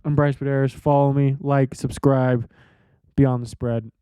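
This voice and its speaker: A man's voice: medium pitch, level tone, a little slow, mellow, clean tone, no echo, studio quality. A man hosting a sports podcast, giving casual, profane, rambling betting picks.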